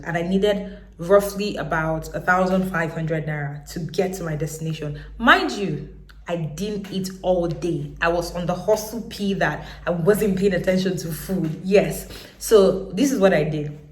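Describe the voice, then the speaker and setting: A Nigerian woman in her thirties, telling her own story to camera in a lively way. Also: fairly low pitch, echoey room. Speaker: business owner.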